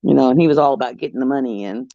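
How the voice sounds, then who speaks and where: A woman chatting casually on her craft vlog as an animated storyteller, recorded at home. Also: rumbling low, very fast, no room sound. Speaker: crafting vlogger. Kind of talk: casual chat. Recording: muffled, dull sound.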